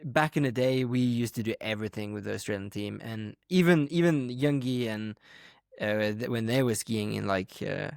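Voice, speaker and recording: A man's voice: fairly low pitch, normal speed, gravelly, a little mellow, dry recording, clean studio sound. A man co-hosting a podcast in casual chat, talking in a rambling, hesitant way with lots of fillers. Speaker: podcast co-host.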